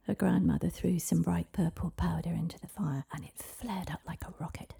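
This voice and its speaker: A woman narrating a children's fantasy story in a soft, half-whispered, breathy reading. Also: on the low side, steady tone, moderate pace, hardly any pauses.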